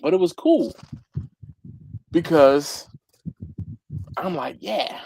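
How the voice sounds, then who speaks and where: A man from Philadelphia, speaking with a Philadelphia accent in a slightly high, expressive voice, tells stories at a somewhat slow pace during a casual chat on a live barbecue stream. He laughs a lot and repeats himself, and the recording quality is low.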